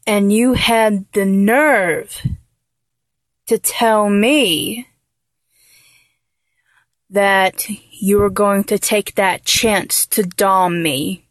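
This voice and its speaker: A woman's voice: mid-range voice, fairly even intonation, drawn-out words, long pauses, no room sound. A young woman in a dominant audio role-play, taunting and mocking her listener with frequent laughter and drops into a whisper.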